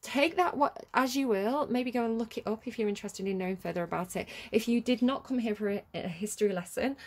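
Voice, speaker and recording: A woman's voice: a little high, brisk. A woman giving a casual tarot reading, rambling and chatty as she drifts off on tangents. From United Kingdom. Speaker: tarot reader.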